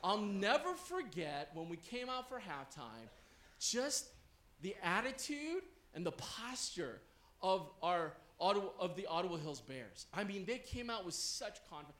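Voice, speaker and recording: High, bright-voiced preacher in an echoey hall. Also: male voice, a little slow. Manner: animated, checks in with the audience. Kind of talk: storytelling sermon.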